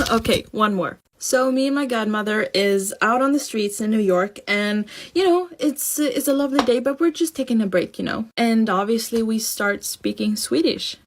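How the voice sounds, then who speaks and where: A woman telling a personal anecdote in a lively, chatty way. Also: on the high side, moderate pace, background noise. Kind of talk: casual storytelling.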